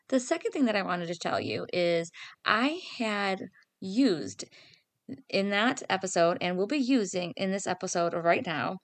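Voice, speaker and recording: A woman's voice: lowish voice, dry recording. A woman hosting her own spiritual podcast as a psychic medium, talking casually in a chatty, upbeat, self-deprecating way. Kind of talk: casual solo podcast talk.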